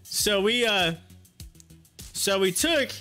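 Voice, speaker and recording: A man hosting a casual live stock-trading stream, excitable and laughing often. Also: high voice, slow, soft background music. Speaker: livestream host.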